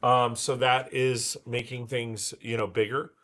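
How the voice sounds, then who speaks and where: Bright-voiced man, a bit raspy from illness. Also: medium pitch, flat delivery, a little slow. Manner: chatty, loose, full of fillers and restarts. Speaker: livestream host. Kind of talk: casual livestream chat.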